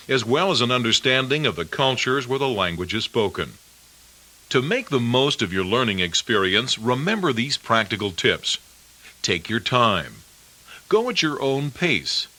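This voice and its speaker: Bright-voiced male course announcer. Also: medium pitch. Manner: polished, even announcer delivery. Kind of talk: scripted promotional narration.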